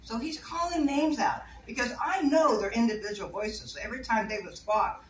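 With a fairly high pitch and moderate pace, a woman rambles cheerfully through a casual bird-keeping talk to a small audience, laughing often. The recording is echoey, faintly noisy, and distantly miked.

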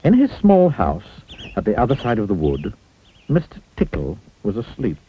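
A man's voice: fairly low pitch, wildly swooping pitch, moderate pace, husky. A man reading a children's storybook aloud, playfully asking the listener questions. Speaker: storybook reader. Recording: tinny phone-like sound, faint music.

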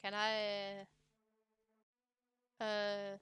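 German accent, woman, bright tone, slow casual let's-play chatter, swears freely. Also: mid-range voice, monotone, smooth, no echo. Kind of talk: casual gameplay chat.

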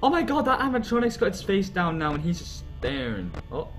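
A man hosting a horror game let's play, jumpy and excitable, talking to himself and to the game's characters and swearing when scared. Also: sits high, a little fast, soft background music. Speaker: gaming channel host.

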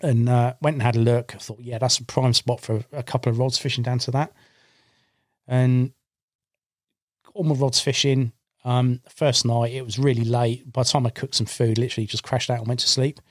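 On a studio microphone in a podcast studio, a carp angler appearing as a guest casually tells the story of a fishing trip, acting out the lines he said back then. His middle-pitched voice moves at normal speed, and the sound is dry and close with no room echo.

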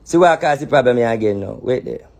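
Husky Jamaican man, animated, cursing. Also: mid-range voice, fast talker. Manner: animated, cursing, heavy patois. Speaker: spiritual reader. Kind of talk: casual vlog commentary.

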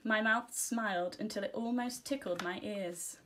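At a moderate pace, a teacher reads from a children's storybook, narrating in the first person. Her middle-pitched voice stays gentle and expressive throughout.

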